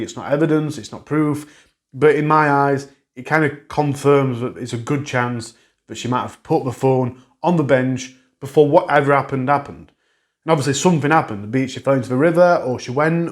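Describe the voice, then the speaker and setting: A man hosting a true crime channel, talking viewers through a case update in a conversational way and correcting his own earlier slips. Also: mid-range voice. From England. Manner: conversational, recapping and correcting himself, regional grammar.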